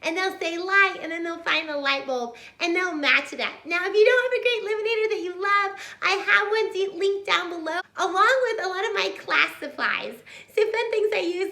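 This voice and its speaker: Bright high-voiced woman tutor. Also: reverberant. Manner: upbeat, demonstrating hand motions. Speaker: homeschool tutor. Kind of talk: instructional video.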